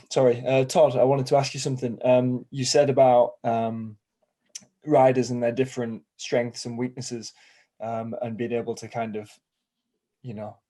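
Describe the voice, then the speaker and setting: A man co-hosting a podcast who speaks in a measured way and asks long questions. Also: medium pitch, warm tone. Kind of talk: podcast conversation.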